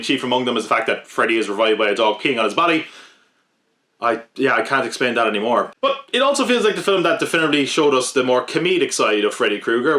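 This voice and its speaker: Brief: male podcast host, mid-pitched, wry scripted commentary with jokey asides. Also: sharp tone.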